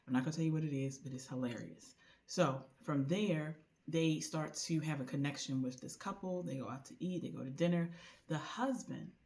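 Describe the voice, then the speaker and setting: A woman talks through a novel's plot in a relaxed, conversational vlog. She keeps it loose and colloquial, and slips into lively voiced lines for the characters. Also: sits low, normal speed. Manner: chatty, animated retelling with voiced quotes; colloquial with frequent "like" and "you know". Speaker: book reviewer. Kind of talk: casual book recommendation vlog.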